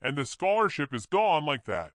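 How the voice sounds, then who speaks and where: A man's voice: a little high, very animated, normal speed, no room sound, clean studio sound, voice pushed up. A man voicing a seductive, menacing woman doctor with something demonic about her, mocking and snarling.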